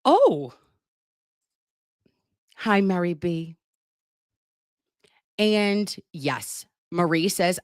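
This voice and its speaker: A woman's voice: fairly low pitch, lively intonation, drawn-out words, pauses often, no room sound, studio quality. A middle-aged woman hosting a casual livestream, sassy and profane as she banters with her viewers. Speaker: livestream host, legal nurse consultant. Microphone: desk microphone.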